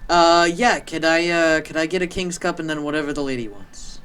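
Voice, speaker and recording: Dude doing a nervous awkward young guy, bright voice, keeps stalling with uh. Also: a little high, a little hiss or hum, natural voice. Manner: hesitant, halting, lots of "uh".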